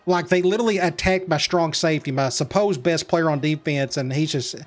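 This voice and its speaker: A man's voice: on the high side, brisk, soft background music. A man casually narrating his own football video game, muttering play calls and reacting as he goes. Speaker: gaming commentator. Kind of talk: casual let's-play commentary.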